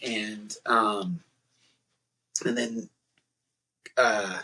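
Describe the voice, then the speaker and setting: A man hosting a casual podcast interview, reflective and relaxed, with many "um" and "uh" fillers. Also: lowish voice, drawn-out words, husky, rough recording. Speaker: podcast host.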